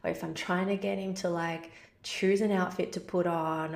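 Aussie woman host, 30s, casual advice talk, low-ish fried voice, roomy sound. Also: gravelly. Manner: chatty, many "like" fillers, acts out parent-child exchanges. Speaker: podcast host answering a listener question.

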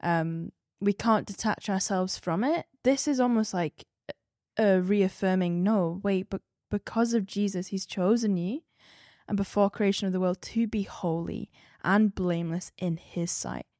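A woman sharing earnest, reflective thoughts in a casual devotional discussion, often drifting softer. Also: medium pitch, a little slow, no room sound, clean studio sound. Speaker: Bible discussion participant.

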